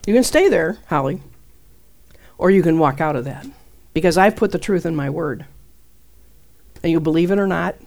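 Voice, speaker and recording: A middle-aged woman preaching a fervent, folksy sermon that swings between loud declarations and hushed asides. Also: on the low side, lively intonation, normal speed, long pauses.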